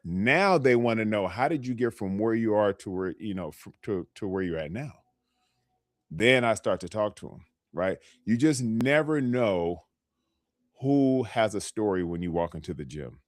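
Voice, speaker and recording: A man's voice: fairly low pitch, lively intonation, normal speed, dry recording, studio quality. A man, a health coach, giving motivational advice on a live stream in a conversational way, often checking in with "okay?". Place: lives in California.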